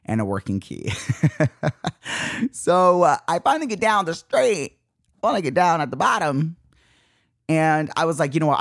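Young male podcast host, animated exasperated rant, dry close sound. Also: no echo. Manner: dramatic, exasperated storytelling with big pitch jumps.

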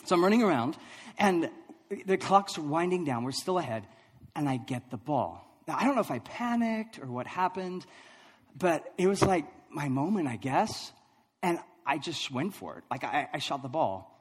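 A man preaching a sermon, telling a funny personal story with lively, self-deprecating delivery and frequent laughs. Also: a little high, normal speed, breathy edge, in a large hall. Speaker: pastor.

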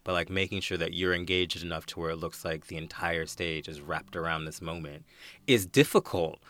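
An American man in his thirties, a guest actor telling stage stories in a casual interview, animated and often laughing. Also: deep voice, normal speed. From United States. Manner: animated storyteller, acts out quoted voices, laughs often.

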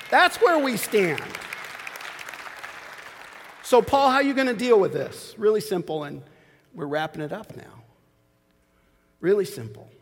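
A man in his forties preaching a sermon as pastor, swinging from shouted peaks to quiet asides. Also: high-pitched, creaky. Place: church sanctuary. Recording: long hall reverb.

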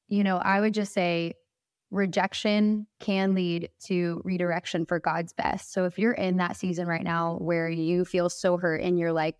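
A woman's voice: fairly low pitch, smooth, dry recording, studio quality. A young woman guest telling a heartfelt faith story in a candid, earnest way. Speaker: podcast guest.

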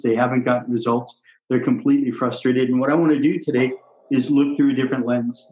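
A man's voice: mid-range voice, a little mellow. A man, a doctor, coaching on how to talk with patients, emphatic and repetitive, acting out examples as he goes. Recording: roomy, slightly dull recording.

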